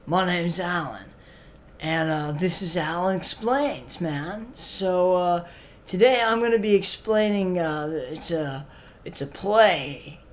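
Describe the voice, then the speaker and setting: Over a little hiss or hum, an actor with a high voice speaks slowly as a clueless young stoner hosting a comic web show. His laid-back sketch monologue is a filler-heavy drawl with "man" tacked onto his phrases.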